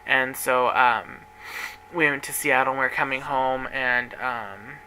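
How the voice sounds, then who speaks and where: A man's voice: mid-range voice, measured pace, bright, forceful tone, a little hiss or hum, poor audio. A man who manages a workplace, telling a personal story vlog-style. He rambles, gets emotional and acts out what everyone said. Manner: rambling, emotional retelling with acted-out quotes.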